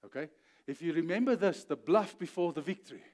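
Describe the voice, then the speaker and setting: A male pastor with a high voice preaches in an animated storytelling way. He acts out the voices of the figures, keeps checking in with his listeners, and builds to forceful, emphatic peaks. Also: a little fast. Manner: checks in with "okay?" often. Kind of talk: sermon.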